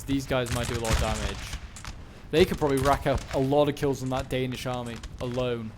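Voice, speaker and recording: This man's mid-range voice holds a steady tone and moves fairly quickly while he casually narrates a video game battle. He muses out loud, dropping in fillers and fixing his own words, as gunshots and battle noise from the game play loudly underneath.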